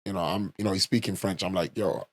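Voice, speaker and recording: London podcast host, young man, casual profane storyteller, low voice, dry close mic. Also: fairly even intonation, fast talker, no room sound. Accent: London English. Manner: loose and swearing, full of "like" and "you know".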